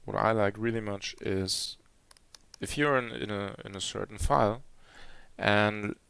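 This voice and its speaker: A man's voice: lowish voice, measured pace, gravelly, a bit bright, clear, resonant tone, dry recording. A man giving a live coding demo at a conference, talking hesitantly with many fillers and restarts. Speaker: conference speaker. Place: conference hall.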